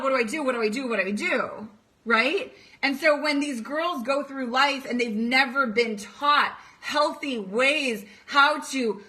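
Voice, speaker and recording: A woman's voice: high voice, sharp tone, low-quality recording. A woman coach talking straight to parents, emphatic and repetitive, firing off rhetorical questions. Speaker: coach for teen girls. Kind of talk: direct-to-camera talk to parents.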